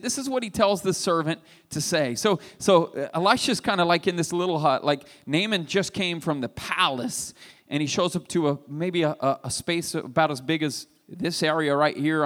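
High-voiced man preaching in a hall. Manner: storytelling, animated, builds to loud emphasis. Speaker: pastor. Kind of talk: sermon. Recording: reverberant hall.

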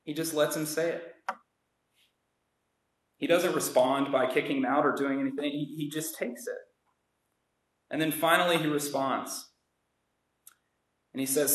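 Man, sermon, earnest conversational preaching, acts out characters, slightly high voice, roomy echo. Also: fairly even intonation, measured pace, pauses often. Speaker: pastor.

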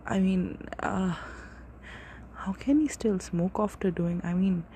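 A woman's voice: medium pitch, takes it slowly, mellow, slight background noise. A young woman in her twenties hosting a casual solo podcast, rambling and swearing freely as she corrects herself. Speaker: podcast host.

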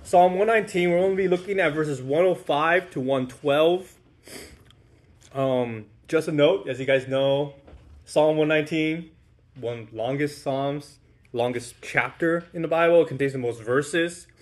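A man delivers a relaxed, informal sermon, his voice sitting slightly higher than most men's. He talks to the congregation like friends, with easy fillers and little "right?" checks. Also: unhurried. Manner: conversational, frequent "right?" checks. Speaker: pastor.

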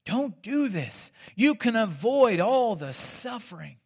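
A sly, coaxing tempter spirit murmuring in someone's ear, as a male preacher puts him on. He talks low and easy, slightly high for a man. Delivered from a sermon stage. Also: big pitch swings, slow, darkish tone, slightly rough, heavily acted.

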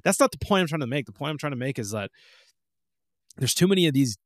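Young adult male podcast co-host, lively swinging pitch, dry close sound, casual ranting delivery. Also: fast talker, dry recording. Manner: animated, ranting, acts out game moments. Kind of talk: casual chat.

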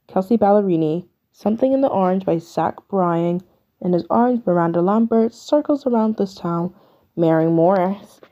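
Chatty woman with a gravelly low voice. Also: highs cut off. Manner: chatty, opinionated, filler-heavy with "like". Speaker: podcast host. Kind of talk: casual solo podcast chat.

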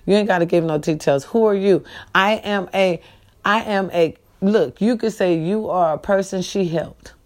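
A woman's voice: medium pitch, moderate pace, a little mellow. A middle-aged woman talking straight to her followers in a casual vlog, emphatic and repetitive, preaching and pleading in turns. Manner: emphatic, repetitive, preachy, calls viewers baby and y'all. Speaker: vlogger appealing to followers. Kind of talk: direct-to-camera casual appeal.

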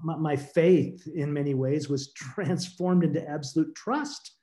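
A man's voice: on the high side, dark tone. A man, a guest author, telling a personal story in an interview, earnest and reflective, often repeating words as he searches for them. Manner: halting, repeats words when emotional.

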